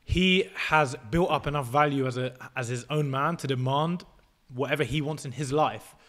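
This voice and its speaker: A man's voice: mid-range voice, moderate pace, fairly bright tone. A 22-year-old man, a podcast guest who lays out his views step by step in a casual, assertive way and swears freely.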